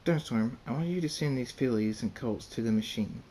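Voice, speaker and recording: A man voicing a stern female pony factory boss in an amateur story reading, giving orders flatly. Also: medium pitch, fairly quick, a little hiss or hum, close to an everyday voice. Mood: ordering.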